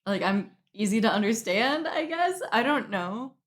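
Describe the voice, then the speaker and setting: A woman's voice: fairly high pitch, expressive, moderate pace. Giggly woman co-hosting a podcast. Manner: giggly, laughs often while talking. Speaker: podcast co-host. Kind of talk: casual chat. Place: home.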